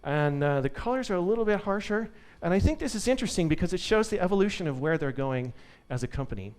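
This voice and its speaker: A man's voice: sits high, lively intonation, fast, a little mellow, smooth. A man giving a live conference tech talk to an audience, upbeat and joking. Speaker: conference speaker.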